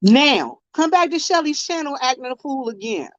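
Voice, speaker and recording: Brief: woman, high voice, animated live-stream host, dry dull lo-fi sound. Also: normal speed, dry recording. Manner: animated, greets chat viewers mid-story. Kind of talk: casual live-stream storytelling. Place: convenience store.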